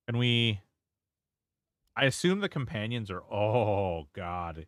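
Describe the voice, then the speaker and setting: A man streams a game live, rambling, reacting as he plays, and swearing freely into a close desk mic. His voice is on the low side and slow, with a fairly bright, clean tone and no echo.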